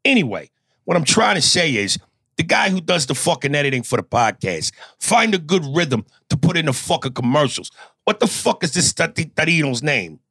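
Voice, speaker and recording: A man's voice: a little high, sing-song, moderate pace, gravelly, a bit bright, breathy edge, no echo, studio quality, full character voice. A man voicing a profane, violent Italian-American thug from New Jersey who rants aggressively, with a Jersey Italian-American accent. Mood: ranting. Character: foul-mouthed Italian-American Jersey thug, male, middle-aged, violent. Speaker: podcast host.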